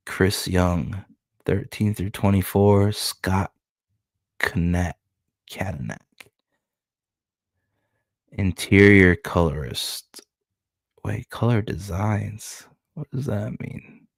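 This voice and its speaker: Deep gravelly laid-back streamer guy. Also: slow pace, long pauses, dry recording. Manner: laid-back, swears freely, chuckles at credits. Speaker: streamer reading comics. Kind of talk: casual comic book reading commentary.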